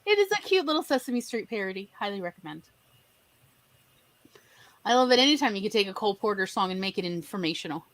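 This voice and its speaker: A woman hosting a casual live-stream chat, bubbly and exclamatory and quick to laugh. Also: medium pitch, big pitch swings. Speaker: podcast host.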